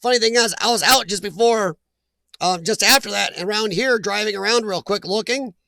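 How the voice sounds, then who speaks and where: A man's voice: sits high, moderate pace, gravelly, bright, forceful tone, no echo. A man hosting a casual live chat, reading viewer names aloud and laughing often. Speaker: livestream host reading chat.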